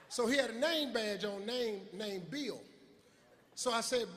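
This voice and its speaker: A middle-aged man performs stand-up comedy on a live stage, telling stories loudly and profanely and often shouting. His voice sits high, and his pace is moderate.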